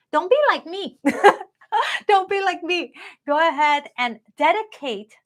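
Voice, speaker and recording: A woman's voice: fairly high pitch, bright, forceful tone. A woman giving a live-streamed tarot reading in a chatty, upbeat way, talking straight to her viewers. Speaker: tarot card reader.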